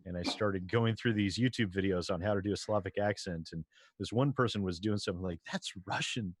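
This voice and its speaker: A man chatting casually as a player, easygoing and quick to laugh. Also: sits low, dry recording. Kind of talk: casual chat.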